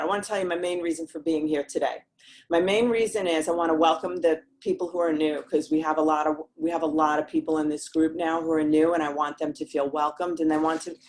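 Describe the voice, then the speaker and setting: A woman hosting a live-streamed motivational talk for a women's group, earnest and rambling, who reads viewer comments aloud and presses her points with rhetorical questions. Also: deep voice.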